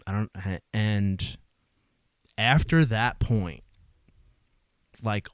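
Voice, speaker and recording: A man in his forties from New Jersey with a Jersey accent, telling his life story in an animated, casual way. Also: fairly low pitch, extremely slow, no room sound, clean studio sound. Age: 40s. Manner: animated storytelling, acts out voices, swears casually. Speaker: guest, EMS worker. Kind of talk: casual conversation.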